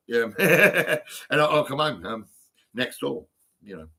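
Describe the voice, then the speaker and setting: A man's voice: mid-range voice, lively intonation, unhurried, sharp tone. Rambling man in his fifties. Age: 50s. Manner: rambling, full of ums and restarts, laughing at his own stories. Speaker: vlogger. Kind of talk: rambling personal monologue. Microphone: phone.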